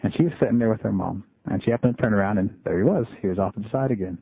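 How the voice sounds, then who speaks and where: A man who works as a school and community storyteller, telling a story in a relaxed, folksy way. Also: on the low side, very fast, creaky, breathy edge, no room sound. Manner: relaxed folksy storytelling, many "just kinda". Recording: tinny phone-like radio line.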